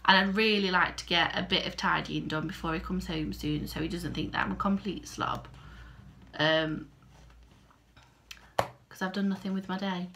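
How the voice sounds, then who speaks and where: A woman's voice: on the low side, fairly even intonation, moderate pace, gravelly, long pauses, pushed and bright. A woman talking casually to camera at home for her vlog, rambling and self-deprecating. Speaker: crochet vlogger. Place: at home by a window.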